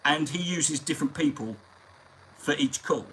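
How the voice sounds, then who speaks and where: A man hosting a live stream, talking in a rambling, sweary, animated way. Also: fairly high pitch, normal speed, slight background noise, low-quality recording. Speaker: comedian and live-stream host. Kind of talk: casual live-stream chat.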